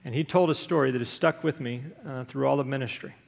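Man, pastor, sermon, earnest storyteller, gravelly tone, church reverb. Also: medium pitch, fast. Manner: earnest storytelling preacher, acts out quoted voices. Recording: long hall reverb.

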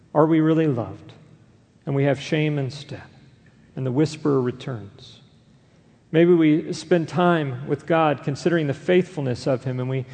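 Gravelly pastor preaching in a reverberant hall. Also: male voice, on the high side, darkish tone. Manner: reads scripture aloud and explains it to the congregation. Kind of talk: sermon.

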